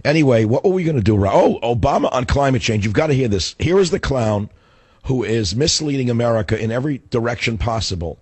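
A middle-aged man hosting a radio talk show, hoarse as his voice gives out, ranting in a fiery, combative way. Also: mid-range voice, lively intonation, fast, a little mellow, no room sound. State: hoarse, voice going.

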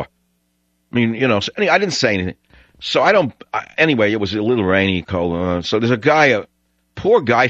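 A man's voice: on the low side, fairly bright tone, no echo. A man hosting a talk radio show, ranting sarcastically and drifting between stories. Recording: dull lo-fi radio sound.

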